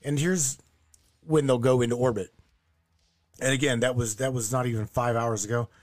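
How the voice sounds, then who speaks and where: A man hosting a casual chat show from his home studio, talking in a brash, animated, profane way. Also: mid-range voice, moderate pace. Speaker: host.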